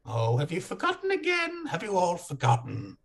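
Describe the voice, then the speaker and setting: A man voicing a mocking male jester in a tabletop game, with shrill cackling laughs and sing-song taunts. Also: wildly swooping pitch, normal speed, gravelly, a bit bright, exaggerated voice. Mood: mocking giggly. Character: giggling, mocking male jester nailed to a wall.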